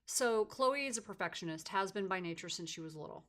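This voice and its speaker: A middle-aged woman hosting a podcast, chatting casually with her daughter and telling a lively family story. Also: mid-range voice, fairly quick. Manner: animated storytelling, mimics voices in anecdotes. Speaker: podcast host and mother. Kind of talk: casual conversation.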